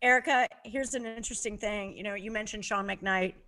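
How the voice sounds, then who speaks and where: A woman hosts a podcast conversation, telling anecdotes with animated energy. Her voice is bright and forward, and she laughs easily between stories. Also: mid-range voice, brisk. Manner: animated storyteller, laughs often. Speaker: podcast host. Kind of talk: casual conversation.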